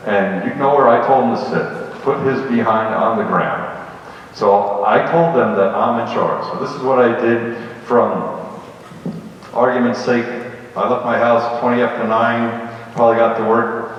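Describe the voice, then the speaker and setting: A man's voice: medium pitch, normal speed. Blunt New York man in echoey hall. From the Bronx, New York. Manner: blunt, animated retelling with acted quotes. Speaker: retired police lieutenant speaking to students. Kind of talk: storytelling talk. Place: large school hall. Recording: echoey hall, from far off, dull.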